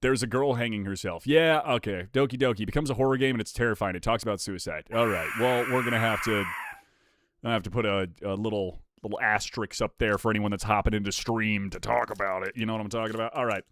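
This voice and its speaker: A young man with a lowish voice talks fast on a live stream, casually chatting with viewers as he opens trading card packs. Excitable and animated, he swears casually and reads the chat out loud.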